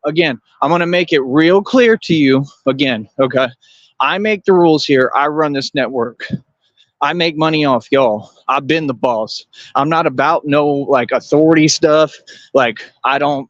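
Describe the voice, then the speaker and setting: A man's voice: on the high side, a bit bright, no room sound, dull audio. Confrontational man ranting on livestream. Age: adult. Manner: confrontational, repetitive, lecturing viewers. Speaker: livestream host. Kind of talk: livestream rant.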